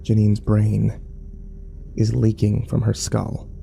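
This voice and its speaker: Grim, mellow-voiced male horror narrator. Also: fairly low pitch, completely flat delivery, creaky, slight background noise, low-quality recording. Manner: slow, grim storytelling that rises to frantic shouting in tense scenes.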